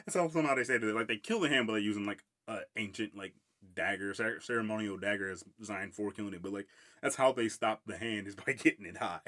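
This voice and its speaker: A man's voice: fairly low pitch, fast, pushed and bright. A man hosting a casual solo podcast review of a film, rambling, laughing often and swearing freely. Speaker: podcast host.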